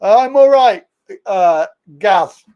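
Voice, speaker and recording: A man's voice: sits high, lively intonation, drawn-out words, a little mellow, clear, resonant tone, highs cut off. A man with an English accent hosting a casual live stream, chatting with callers and laughing often. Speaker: livestream host.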